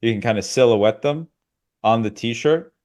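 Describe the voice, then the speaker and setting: A man's voice: medium pitch, a little slow, darkish tone. A man co-hosting a podcast, ranting casually in a sardonic, absurdist way. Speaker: podcast co-host.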